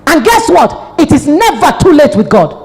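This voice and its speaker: A woman's voice: sits high, moderate pace. A middle-aged Nigerian woman pastor preaching a sermon, telling a story and acting out the dialogue. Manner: animated storytelling with acted-out dialogue. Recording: long hall reverb.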